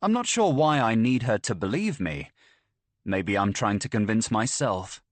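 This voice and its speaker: Male audiobook narrator, young adult, slow and lively delivery, dry booth sound. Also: on the low side, dry recording. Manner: expressive, tense storytelling. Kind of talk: first-person thriller narration.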